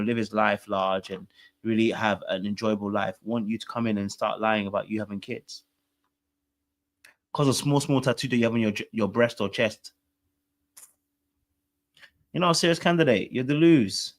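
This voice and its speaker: A man co-hosting a podcast, recapping a reality show in casual chat, blunt and emphatic, repeating his points for effect. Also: fairly low pitch. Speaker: podcast co-host.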